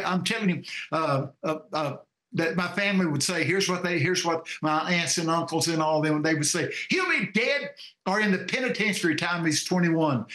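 Emphatic preacher, high voice. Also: male voice, sharp tone. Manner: emphatic, with frequent restarts. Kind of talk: testimony storytelling. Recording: roomy echo.

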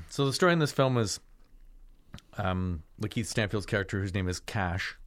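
A podcast co-host with a low-ish voice speaks at normal speed in a clean studio recording without echo. He chats casually about a film he chose, rambling with lots of fillers and restarts.

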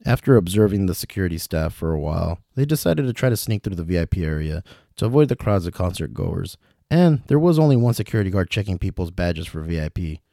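Mellow low-voiced male storyteller. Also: big pitch swings, fast talker, vocal fry, no room sound, clean studio sound. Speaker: podcast storyteller. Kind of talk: reading a comedic fantasy story.

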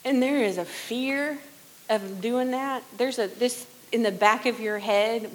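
A woman's voice: a little high, takes it slowly, low-quality recording. Earnest woman giving a church testimony. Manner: earnest, conversational, often drops to a hushed tone when quoting. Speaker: worship leader sharing testimony.

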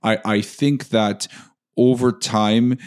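A man's voice: lowish voice, fairly even intonation, slow, a little mellow. A man co-hosting a casual debate podcast, agreeing readily and often stumbling over repeated words when starting a thought. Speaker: podcast co-host.

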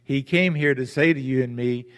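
A man, a pastor, preaching a sermon with deliberate emphasis and rhetorical questions to his congregation. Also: medium pitch, fairly bright tone. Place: church sanctuary. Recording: church hall with long reverb.

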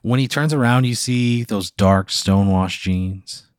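A man's voice: fairly low pitch, measured pace, smooth, no room sound, studio quality. A man hosting a casual podcast, telling a long, rambling hypothetical full of "like" and casual swearing. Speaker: podcast host. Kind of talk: casual storytelling chat.

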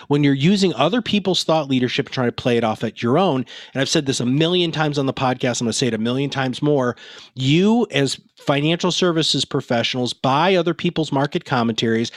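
Casting note: mid-pitched male podcast co-host, blunt and emphatic, dry recording. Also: dry recording. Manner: blunt, emphatic, lecturing the listener. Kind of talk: casual podcast conversation.

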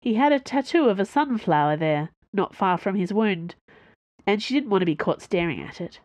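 A woman reading a story aloud in an even, measured narration. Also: mid-range voice, no room sound. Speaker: audiobook narrator. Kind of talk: scripted narration.

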